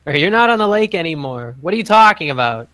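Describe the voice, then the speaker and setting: A man voicing a dismissive male town guard in a tabletop game, shouting down from a watchtower. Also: a little high, very animated, fast, no room sound, pitched above the performer's own voice. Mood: mocking.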